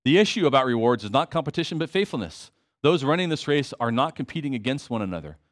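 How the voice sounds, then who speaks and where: A man's voice: mid-range voice, sing-song, fast. A man preaching a sermon to his congregation, conversational with emphatic repetition and asides. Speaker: pastor.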